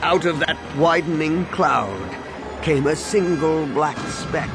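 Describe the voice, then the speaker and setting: A man narrating a science-fiction audiobook with a dramatic, expressive reading. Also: fairly high pitch, takes it slowly. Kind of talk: scripted narration. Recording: music clearly behind.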